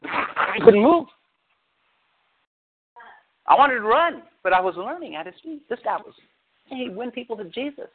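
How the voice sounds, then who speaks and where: A middle-aged man preaches with a high, lively voice, drifting into stories and sarcastic jabs. The sound is thin and tinny, as if it came over a phone-line radio broadcast. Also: brisk, breathy edge. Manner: animated storytelling with sarcastic asides. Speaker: pastor. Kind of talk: sermon.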